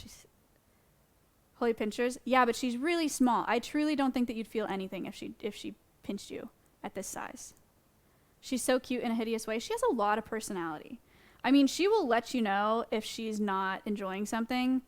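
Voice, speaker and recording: A woman's voice: fairly high pitch, normal speed. Gushing young woman streamer. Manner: gushing, affectionate, chatty. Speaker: streamer showing sanctuary animals. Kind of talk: casual live-stream chat. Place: indoor animal sanctuary room.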